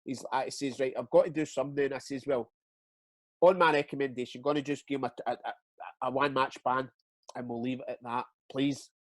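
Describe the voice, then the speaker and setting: Here a former footballer from Scotland shares anecdotes in laid-back interview talk, with plenty of swearing and frequent stumbles and repetitions. His mid-range voice is steady and a little fast, recorded dry.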